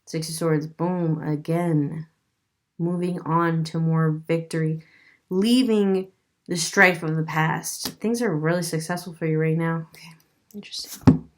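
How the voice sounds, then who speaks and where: A woman's voice: sits low, steady tone, unhurried, slight background noise. A woman doing a casual tarot reading, musing aloud as she turns over cards and laughing now and then. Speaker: tarot reader.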